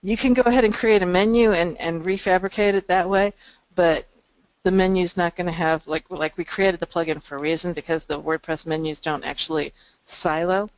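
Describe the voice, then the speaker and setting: A woman presenting a webinar, walking through a software demo with ums and restarts. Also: lowish voice, steady tone, a little fast, dry recording. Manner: explanatory, frequent ums and restarts. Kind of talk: screen-share software demo. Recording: dry, dull lo-fi call audio.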